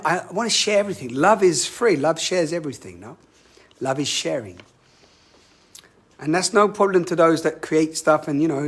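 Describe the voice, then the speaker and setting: A man leading a live online spiritual session in an earnest, self-reflective way, often turning to his listeners with questions. His voice sits a little high for a man and has a husky edge. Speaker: workshop facilitator. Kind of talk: live-streamed spiritual talk. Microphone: webcam or phone mic on a live stream.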